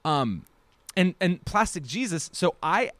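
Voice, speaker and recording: A man's voice: high voice, sing-song, unhurried, a bit bright, dry recording. A man co-hosting a podcast, chatting casually about a film in a rambling, enthusiastic way with many restarts. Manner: rambling, self-correcting, enthusiastic. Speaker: podcast co-host.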